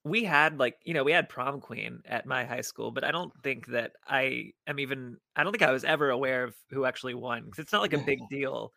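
Gravelly bright-voiced male guest. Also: medium pitch, fairly quick, few pauses, no room sound, studio quality. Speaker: podcast guest. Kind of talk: casual chat.

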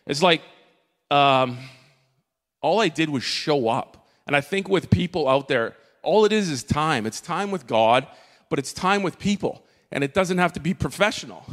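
A man giving an earnest church testimony from the stage, halting and full of fillers and restarts. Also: a little high. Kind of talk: emotional spoken testimony. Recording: long reverb of a large hall.

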